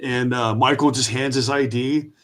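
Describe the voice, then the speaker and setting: A man, an Army veteran guest, telling a lively anecdote and acting out the voices of the people in it. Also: medium pitch, moderate pace. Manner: lively storyteller who acts out quoted voices. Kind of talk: storytelling anecdote.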